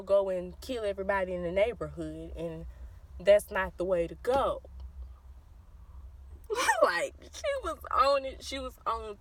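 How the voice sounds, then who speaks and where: A woman with a Southern US accent telling a childhood story to her viewers in a casual, animated way, acting out the voices of the people in it. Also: on the high side, slight background noise, rough recording. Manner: animated, addresses viewers as y'all, acts out quoted voices.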